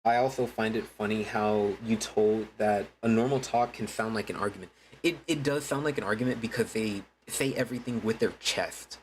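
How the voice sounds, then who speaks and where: A man's voice: on the low side, normal speed, a little hiss or hum, low-quality recording. A man chatting casually to his viewers during a game stream, laid-back and swearing freely. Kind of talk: casual gaming stream chat.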